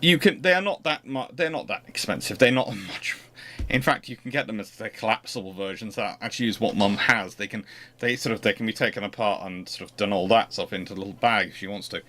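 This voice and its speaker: A man's voice: lowish voice, fast talker, a bit bright. A man hosting a livestream, chatting casually and rambling with frequent restarts. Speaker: host.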